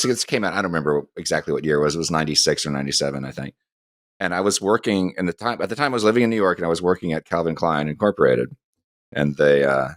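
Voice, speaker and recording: A man's voice: low voice, no room sound, clean studio sound. A middle-aged man co-hosting a podcast, meandering through an anecdotal story in casual chat. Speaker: podcast co-host.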